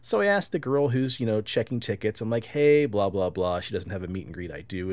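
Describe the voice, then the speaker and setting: A man co-hosting a casual podcast, telling a story with lively quoted voices, swearing and laughing. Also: lowish voice, fairly quick. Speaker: podcast co-host.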